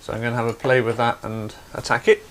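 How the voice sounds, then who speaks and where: A man's voice: mid-range voice, little pitch movement, fast talker, slight background noise. A man hosting a craft livestream, chatty and explaining things step by step. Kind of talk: casual demonstration.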